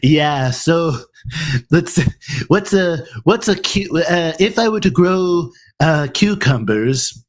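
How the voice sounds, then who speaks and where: A cartoon baby stretches out a broad Australian accent, as a man tries the impression, pitched well above an ordinary speaking voice. He keeps stalling and restarting, tripping over his own lines. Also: lively intonation. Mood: fumbling. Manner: halting, stumbling, giving up mid-line.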